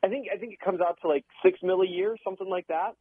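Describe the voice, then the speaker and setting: A man giving casual football analysis on a call, talking quickly and animatedly with frequent restarts. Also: high-pitched, husky, dry recording. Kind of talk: casual sports talk. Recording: muffled phone line, dry.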